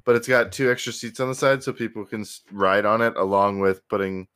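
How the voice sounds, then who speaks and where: Brief: joking male player, bright and forceful tone. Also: on the low side, brisk, smooth. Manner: crude, joking. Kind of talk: tabletop game play.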